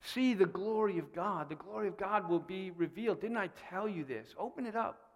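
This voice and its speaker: A man's voice: sits high, normal speed, big-room sound. A man voicing Jesus as a firm, insistent male teacher.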